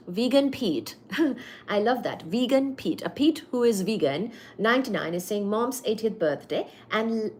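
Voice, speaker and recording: A woman's voice: mid-range voice, slight background noise. Chatty woman livestreamer reading comments. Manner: effusive, thanks viewers warmly, rambling with fillers. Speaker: livestream host.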